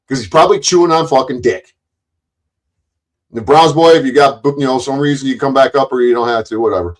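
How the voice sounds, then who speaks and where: A man's voice: medium pitch, fast talker, poor audio. A man hosting a live stream, ranting angrily with lots of cursing and rambling restarts.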